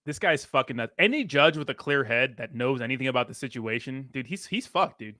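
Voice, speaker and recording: A man's voice: medium pitch, animated, a little fast, sharp tone, no room sound, studio quality. A man giving casual reaction commentary on a played clip, blunt and full of profane slang. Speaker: reaction streamer.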